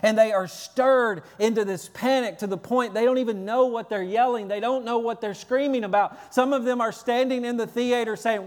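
High-voiced preacher in a hall. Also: male voice, moderate pace, few pauses. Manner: earnest, energetic preaching with repetitions and restarts. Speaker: pastor. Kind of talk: sermon.

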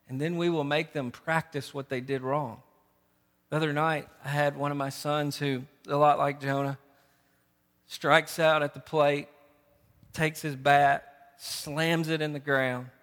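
A male pastor delivers an impassioned sermon, his voice climbing loud on the key phrases. His tone is bright and forceful, a little higher than most men's. The sound rings out with the long reverb of a large hall.

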